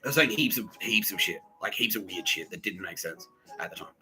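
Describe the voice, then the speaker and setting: A slightly low-voiced man rambles through a personal story, swearing freely and filling gaps with "like" and nervous laughs. His tone is bright and forceful. Faint music plays underneath. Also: animated, brisk, poor audio. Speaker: podcast host.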